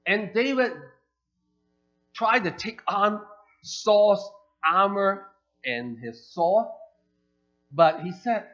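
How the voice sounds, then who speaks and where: Animated preacher man in a church. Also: high voice, drawn-out words, long pauses. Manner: animated, acts out quoted characters. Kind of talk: sermon storytelling. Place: church sanctuary. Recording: dull lo-fi church recording with faint music.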